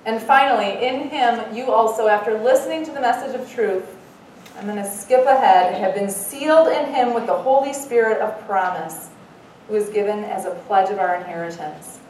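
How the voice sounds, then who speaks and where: A middle-aged woman giving an earnest devotional talk as a Bible study speaker, mixing in lively self-mocking stories. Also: medium pitch, normal speed. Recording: echoey room, mic far off, faint noise.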